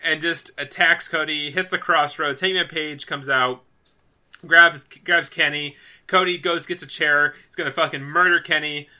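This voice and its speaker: Gushing, excitable man with a bright voice. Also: on the high side, normal speed. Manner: excitable, gushing, heavy use of "like", swears freely. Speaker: podcast co-host. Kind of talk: casual podcast chat.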